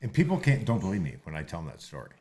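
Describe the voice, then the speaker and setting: A middle-aged man, a father, telling profane, animated stories in a casual chat and acting out other people's lines. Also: low-pitched, very fast, breathy edge. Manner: animated, profane, acts out quoted voices. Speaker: guest, father of a co-host.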